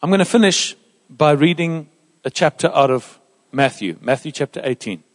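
A man preaching a sermon in a church, emphatic and lively, dropping into soft asides. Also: on the high side, normal speed. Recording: reverberant church hall.

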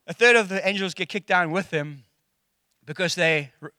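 Middle-aged South African man, bright and high for a man, close dry sound, preaches a casual sermon with jokes and acted-out quotes. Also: normal speed, no room sound. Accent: South African English. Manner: animated and jokey, acting out quotes.

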